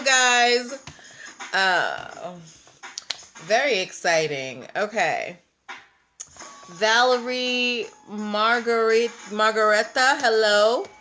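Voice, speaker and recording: Slow-talking woman hosting a casual livestream. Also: a little high, pushed and bright, a little hiss or hum. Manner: chatty, greets viewers by name. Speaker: livestream host.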